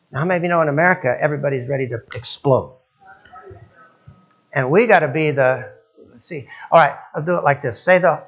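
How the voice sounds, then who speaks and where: A man's voice: a little high, a bit bright, highs cut off. A male preacher giving a sermon, telling stories and asking his listeners questions. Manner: storytelling, acts out quoted voices, asks audience questions.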